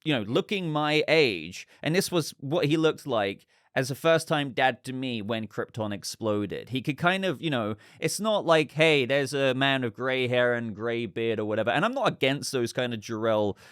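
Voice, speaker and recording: A man's voice: medium pitch, animated, normal speed, few pauses, a bit bright, clean tone, no room sound, clean studio sound. A man hosting a casual news commentary show, chatty and rambling with lots of fillers. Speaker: host.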